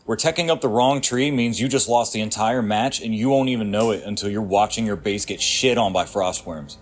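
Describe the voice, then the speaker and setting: A man's voice: on the low side, fairly quick. Sardonic man narrating a gaming essay. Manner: sardonic and crude, with punchy asides. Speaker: gaming video creator. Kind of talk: scripted video essay.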